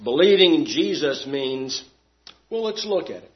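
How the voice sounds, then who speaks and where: A man preaching a sermon, asking rhetorical questions and swinging between loud emphatic lines and quiet ones. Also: fairly high pitch, animated, measured pace. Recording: dull lo-fi sound.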